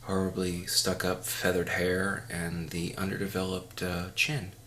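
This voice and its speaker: A man's voice: deep voice, level tone, unhurried, a bit bright, a little hiss or hum. A man giving a mock audio commentary in a pompous, condescending, rambling way. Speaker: commentary host.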